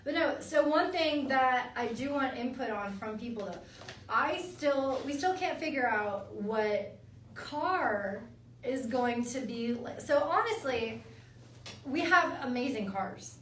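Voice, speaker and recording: A high-voiced woman teases her co-host and tells stories with lively energy, swearing often. She sits a bit back from the mic, and the room adds a clear echo. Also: slow, distant mic, slight background noise. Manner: teasing, animated storytelling, lots of swearing. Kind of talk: casual banter.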